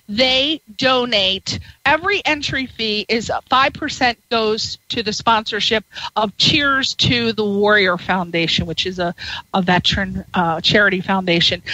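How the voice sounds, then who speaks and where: A woman's voice: mid-range voice, sharp tone, no echo, low-quality recording. A middle-aged woman hosting a radio interview show, bubbly and flirtatious, hopping from topic to topic. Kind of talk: radio interview, chatty and playful.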